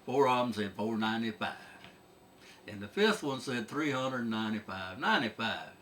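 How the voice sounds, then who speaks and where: A man's voice: fairly low pitch, moderate pace, fairly bright tone, a little hiss or hum. A middle-aged man telling a comic folksy story, drawling and chuckling along. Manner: drawling, laughs at his own tale.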